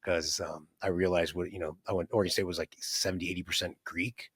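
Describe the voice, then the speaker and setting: A husky, fairly bright voice that sits low belongs to a man in his fifties who talks fast with fairly even intonation. The studio-quality recording has no echo. He's an entrepreneur guest telling his life story in a rambling, conversational way, with many fillers, restarts, and frequent "right?"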